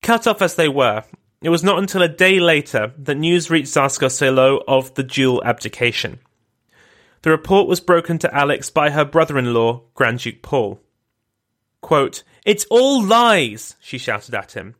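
A man hosting a podcast, giving scripted historical narration in a measured, grave way. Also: fairly high pitch, fairly bright tone. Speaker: podcast host.

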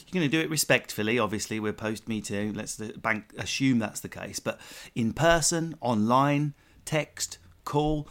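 A man with an English accent hosting a comedic podcast chat, rambling and self-mocking with quick asides. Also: medium pitch, fairly bright tone. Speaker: podcast host.

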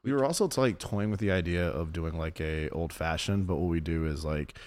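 A man with a deep, low voice co-hosts a casual podcast chat. He is playful and easily slips into mimicking other people as he talks about drinks. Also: brisk, darkish tone. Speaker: podcast co-host, bartender.

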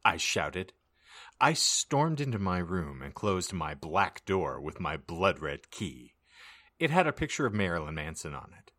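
A sarcastic, theatrical man co-hosting a comedy podcast. His low voice sounds bright and crisp, and it rises and falls with lively, mock-dramatic swings. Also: unhurried. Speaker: podcast co-host.

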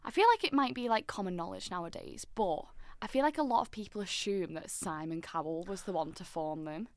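A woman's voice: lowish voice, a little fast, dry recording. A woman co-hosting a podcast, chatting in a bubbly, giggly way. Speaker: podcast co-host. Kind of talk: casual chat.

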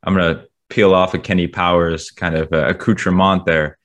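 Deep-voiced rambling podcast co-host. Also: male voice, level tone, normal speed, fairly bright tone. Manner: rambling with many fillers. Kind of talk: casual chat.

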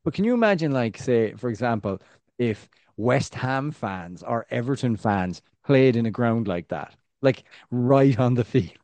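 A man's voice: medium pitch, lively intonation, unhurried, a little mellow, no room sound. A man co-hosting a football podcast, talking in a rambling, casual way full of fillers. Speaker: podcast co-host.

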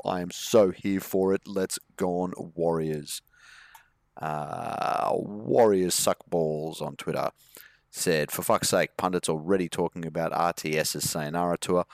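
A man's voice: low voice, dry recording. A man co-hosting a casual podcast, reading out tweets and swearing freely. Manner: swearing, joking, playful put-on accents. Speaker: podcast co-host.

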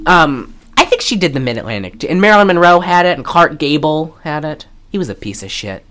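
Low-pitched and brisk, this female podcast co-host chats about a movie she's recapping. She's lively and foul-mouthed, laughing often and packing her talk with fillers.

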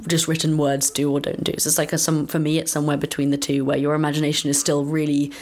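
Low-voiced English woman with a posh accent. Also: monotone, quick pace, darkish tone. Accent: Received Pronunciation. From England. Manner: chatty, thoughtful, with many restarts. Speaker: voice actor guest. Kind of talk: casual interview chat.

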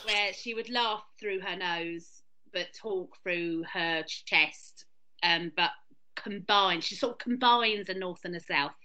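Bright-voiced woman with a Hackney accent. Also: lowish voice, takes it slowly. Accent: Hackney London. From London. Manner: chatty, laughs often, demonstrates accents. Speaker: podcast guest. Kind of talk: casual chat explaining accents. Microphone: video call.

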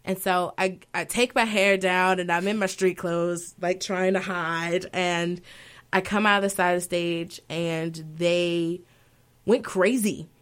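A woman's voice: on the low side, measured pace, smooth. A woman who sings opera, talking as an interview guest and telling stories with emotion. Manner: emotional, animated storytelling with laughter. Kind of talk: conversational interview storytelling.

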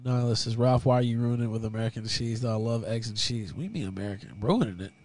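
A man's voice: medium pitch, fast, a little mellow, no echo. A man hosting a casual livestream, swearing freely and laughing while reacting to chat and videos. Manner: profane, laughing, opinionated. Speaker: livestream host. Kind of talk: casual live-stream chat.

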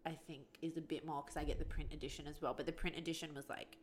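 A woman's voice: low-pitched, fairly even intonation, quick pace, a little hiss or hum. A young woman co-hosting a podcast, chatting casually with lots of "like" and a wry edge. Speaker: podcast co-host. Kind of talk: casual chat.

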